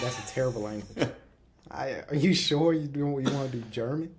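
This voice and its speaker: A man's voice: mid-range voice, a little fast, background noise. A man co-hosting a podcast in casual chat, easygoing and teasing. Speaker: podcast co-host.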